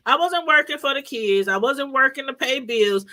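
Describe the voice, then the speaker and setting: A middle-aged woman hosts a loose YouTube commentary chat, speaking straight to viewers at normal speed with a lilt. Her high voice is bright and forward, and she rambles animatedly, laughs easily, and greets viewers by name.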